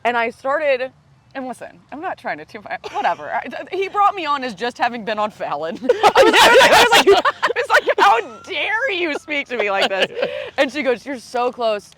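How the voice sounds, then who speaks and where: A woman in her thirties talks with a comedian's loose energy on a podcast. Her stories come out animated, punctuated by frequent laughter and casual swearing. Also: high-pitched, normal speed, noisy background. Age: 30s. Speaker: comedian guest.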